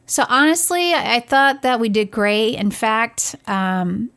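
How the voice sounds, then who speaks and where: A woman's voice: a little high, unhurried. Chatty woman telling a parenting story. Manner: animated, acts out quoted voices. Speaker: podcast co-host, parent. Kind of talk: casual conversational storytelling.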